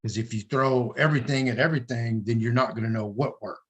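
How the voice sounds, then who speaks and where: A man's voice: mid-range voice, quick pace. A man with a Texan accent hosting a casual live show, telling stories and acting out the dialogue. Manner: animated storyteller, acts out quoted dialogue. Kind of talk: casual live-stream chat.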